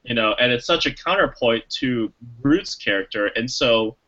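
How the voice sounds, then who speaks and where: Rambling bright-voiced man reviewing a movie. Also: medium pitch, animated, moderate pace, lo-fi sound. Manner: rambling, many restarts and fillers, acts out quotes. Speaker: podcast co-host. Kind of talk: casual movie review chat.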